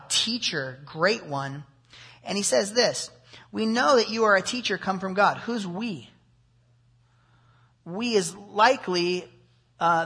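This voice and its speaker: Man, preacher, husky voice, expository sermon, animated, rhetorical questions. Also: high voice.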